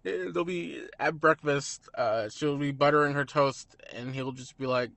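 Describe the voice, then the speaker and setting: A man's voice: medium pitch, a little slow, creaky, no room sound. Young male host, casual film chat, cusses and laughs a lot, dry close sound. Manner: laughs often, swears, animated retelling. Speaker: podcast host.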